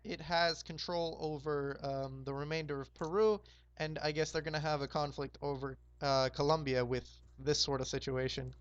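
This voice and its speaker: A hoarse young man hosting a roleplay game, casually recapping the map in a rambling, laid-back way with lots of fillers. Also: a little high, fairly even intonation, moderate pace, no echo, highs cut off. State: hoarse, sore throat.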